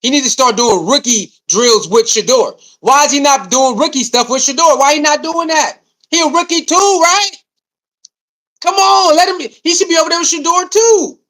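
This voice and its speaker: Speaking at a moderate pace with a very high voice, a man launches into a lively sports rant. He keeps repeating himself to drive points home, asks rhetorical questions, and speaks right to his audience.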